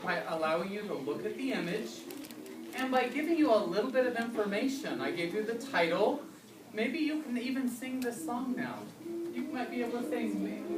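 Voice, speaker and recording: A woman reading teacher presenting to parents and patiently acting out child and parent prompts. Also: fairly high pitch. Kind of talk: live presentation to an audience. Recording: echoey room, speaker far from mic, audible background noise.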